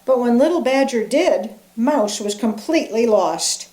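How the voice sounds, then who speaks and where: An older woman, a grandmother, reading a picture book aloud in a gentle, expressive way. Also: fairly high pitch, measured pace, echoey room. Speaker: grandmother storyteller.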